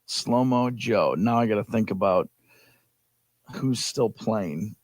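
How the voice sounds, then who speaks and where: A man's voice: on the low side, slow, dry recording. A man co-hosting a morning sports radio show, chatting casually, laughing easily and musing aloud while he guesses.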